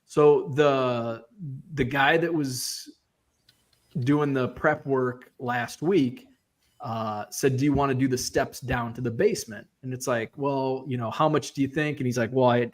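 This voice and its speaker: A man telling a story casually, acting out the quoted lines with lively shifts in his voice. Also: medium pitch, moderate pace. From Midwestern US. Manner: animated, acts out quoted voices. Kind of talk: casual storytelling on a live stream.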